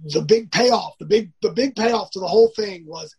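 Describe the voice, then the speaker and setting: A man's voice: sits high, normal speed, vocal fry, a little mellow, slightly rough, highs cut off. A man, a professional wrestler as a guest, telling stories casually. He rambles, restarts often and acts out the lines of others. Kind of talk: casual storytelling.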